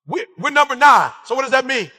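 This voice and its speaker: A man giving an impassioned sermon-style motivational speech, fiery and repetitive, calling out to the crowd and breaking into shouts. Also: very high voice, lively intonation, quick pace, long reverb tail. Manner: fiery, repetitive call-and-response, bursts into shouts. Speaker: motivational speaker and preacher.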